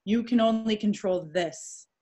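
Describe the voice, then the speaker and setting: Slow, earnest woman co-host. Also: medium pitch, warm tone. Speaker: podcast co-host. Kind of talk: casual motivational chat.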